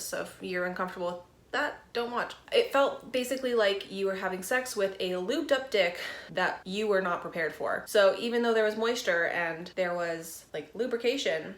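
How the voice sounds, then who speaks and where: Young woman vlogger, tearful and candid, medium pitch, roomy echo. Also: a little hiss or hum. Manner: candid, rambling, emotional. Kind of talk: casual chat.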